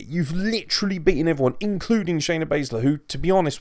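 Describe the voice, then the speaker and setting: A man's voice: fairly high pitch, lively intonation, fast, hardly any pauses, darkish tone, dry recording, studio quality. A man giving a casual, opinionated wrestling review, blunt and emphatic and swearing freely.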